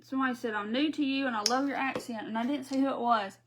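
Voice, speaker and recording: A woman's voice: high-pitched, steady tone, fast. A middle-aged woman from Mississippi with a Southern accent, chatting casually through a crafting live stream and reading viewer comments aloud.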